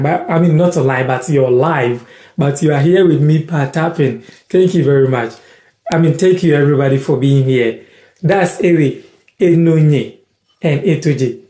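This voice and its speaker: A man from Ghana teaching words in a casual live-stream lesson, repeating each word slowly and thanking viewers by name. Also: a little high, mellow, echoey room.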